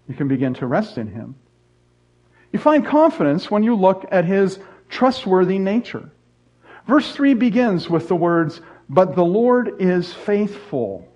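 A man's voice: high voice, a little mellow. A middle-aged man preaching a sermon as a pastor, earnest and repetitive in his emphasis, with joking asides. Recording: dull lo-fi sound.

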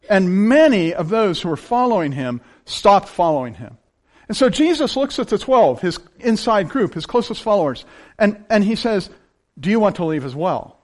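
A man preaching a sermon in a folksy, animated way, swinging between loud emphasis and hushed intensity. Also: high-pitched. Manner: folksy, uses plain down-home examples. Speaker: pastor.

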